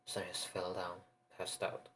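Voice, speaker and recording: A man narrating an improvised fan story in a rambling, halting way, often restarting his sentences. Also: low-pitched, completely flat delivery, fairly bright tone, a little hiss or hum, poor audio.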